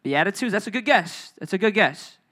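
A man with a high voice preaches in a loose, joking way to a youth group. His tone is bright and lively, and he calls out to listeners and has them repeat phrases back. It sounds like a casual church talk. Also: brisk, slightly rough. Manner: playful, joking with the audience by name; call-and-response prompts. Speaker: youth pastor. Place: church room.

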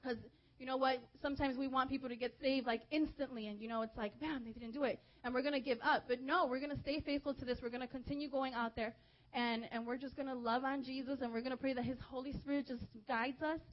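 Young woman preacher, high voice, chatty storytelling sermon, dull lo-fi recording. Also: fast. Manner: lively, chatty, many filler "like"s.

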